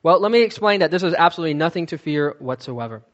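A man's voice: fairly high pitch, expressive, fast, highs cut off. Emphatic man teaching from the Bible. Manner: emphatic, conversational explaining.

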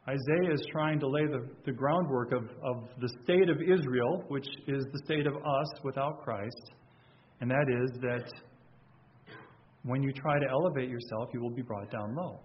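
A man's voice: medium pitch, moderate pace, lo-fi sound. A man preaching a sermon in a conversational way, often restarting and repeating words. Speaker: pastor.

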